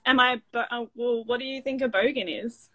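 A woman in her twenties with an Australian accent, talking from her home office on a phone video call, giggly and excited. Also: fairly high pitch, a little fast. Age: 20s. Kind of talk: casual chat. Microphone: phone on a live video call.

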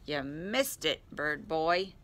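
A woman's voice: sits low, expressive, slow pace, heavily acted. Tigger, a bouncy brash tiger, as a woman puts him on. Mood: teasing. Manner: brash, playful, loud. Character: bouncy boisterous male tiger.

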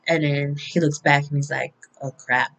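A woman's voice: low-pitched, flat delivery, normal speed, vocal fry, poor audio. A woman casually recapping a week of soap opera episodes, chatty and often laughing, with occasional swearing.

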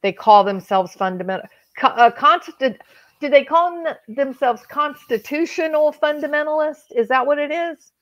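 A woman's voice: sits high, moderate pace, no echo, poor audio. A woman hosting a livestream, chatting and joking with her viewers. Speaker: livestream host. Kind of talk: casual chat.

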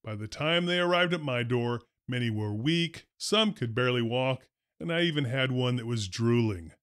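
A man, a former school principal, tells stories from his career in a wry, deadpan first-person narration. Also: medium pitch, moderate pace, dry recording. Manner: dry, wry humor, deadpan delivery.

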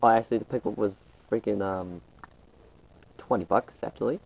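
A man's voice: lowish voice, fairly even intonation, moderate pace, creaky, a little mellow, rough recording. A man giving casual, rambling commentary over his gameplay, often stopping and restarting his sentences. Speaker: gaming channel host.

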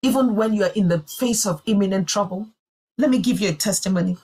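A woman's voice: mid-range voice, fast talker, dark tone, husky. A woman telling a personal testimony in a sermon, in an earnest and emphatic way. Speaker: church speaker.

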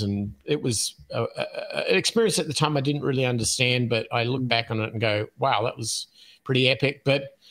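An Australian man in his fifties, a podcast guest telling his life story in an unhurried way, with plenty of ums and uhs and easy chuckles. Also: medium pitch, fairly bright tone. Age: 50s. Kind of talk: casual storytelling interview.

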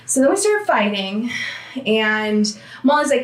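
A woman gives an animated recap of a tabletop game, acting out each character's lines in quick little voices. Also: fairly high pitch. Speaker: player. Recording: roomy, distant call audio.

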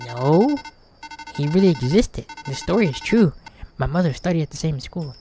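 A man's voice: fairly high pitch, very animated, moderate pace, mellow. A man reading out the lines of a friendly young woman character from a game, in a plain read-aloud voice.

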